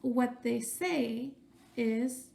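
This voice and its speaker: A woman's voice: a little high, very slow, creaky, mellow. A woman teacher reading a picture book aloud to young children, stopping to ask questions and using voices for the characters.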